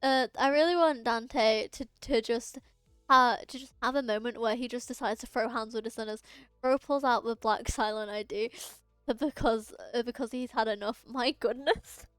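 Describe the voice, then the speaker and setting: A woman's voice: fairly high pitch, steady tone, normal speed, fairly bright tone, clear, resonant tone, no room sound, soft background music. A young woman streaming a game, chatting casually with her viewers. She rambles and restarts her sentences often. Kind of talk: casual live-stream chat.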